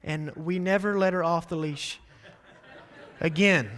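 A pastor in his thirties preaches with a high, light voice. He tells stories with animation, raising his voice to act out what people said. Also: slow pace, pauses often, clear, resonant tone. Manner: animated storytelling, acts out quotes loudly. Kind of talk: sermon.

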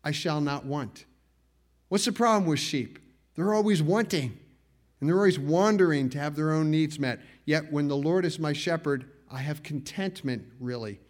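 Earnest preacher, slightly high male voice. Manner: earnest preaching with slowed emphasis and rising stress. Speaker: pastor. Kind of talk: sermon. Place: church evening service.

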